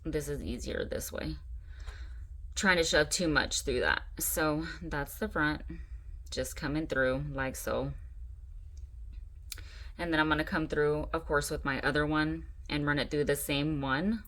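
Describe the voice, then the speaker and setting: A woman walks viewers through a craft project in a casual, chatty way. Her voice sits a little low, and she keeps breaking into excited gushing over how cute things look. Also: unhurried, pauses often. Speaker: craft channel host.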